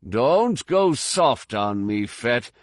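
Man doing a brash commando, cocky, teasing, higher and louder, drawn-out, storybook. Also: very animated, dry recording, clean studio sound. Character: brash, foul-mouthed male armored commando.

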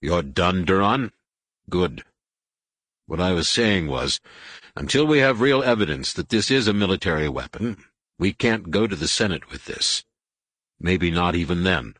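A man voicing a gruff, curt older general in an audiobook. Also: low voice, animated, unhurried, pauses often, fairly bright tone, no room sound, exaggerated voice.

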